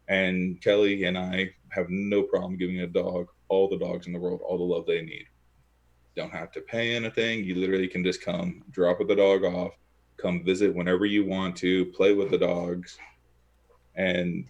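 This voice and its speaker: A man's voice: low-pitched, lo-fi sound. A man chatting casually at home as a guest, telling a rambling story and acting out what people said. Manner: rambling, animated storyteller who acts out quotes. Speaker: guest, e-liquid maker.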